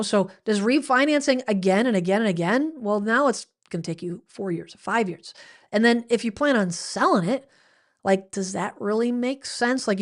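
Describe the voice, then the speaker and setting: A woman hosting her weekly livestream, talking casually and rambling a little as she answers viewers' comments. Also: medium pitch. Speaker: livestream host.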